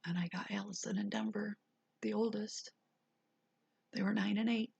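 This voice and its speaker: A woman tells a personal story, her voice hushed and often sinking into a breathy whisper. The tone is deeply husky with a rough, gravelly edge. The sound is dry and close. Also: fairly even intonation, moderate pace, no room sound, highs cut off. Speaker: vlogger sharing a personal story.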